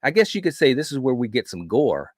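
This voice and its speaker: A man hosting a film review podcast, retelling a horror movie in an animated, casual way with frequent restarts. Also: mid-range voice, fairly quick, no echo, clean studio sound. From grew up in a city. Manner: animated storyteller, frequent restarts and "you know".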